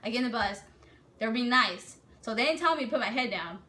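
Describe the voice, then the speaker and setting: A young woman telling a story in a casual, animated way, swearing freely and acting out what people said. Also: fairly high pitch, brisk. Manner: animated, profane, acts out quotes.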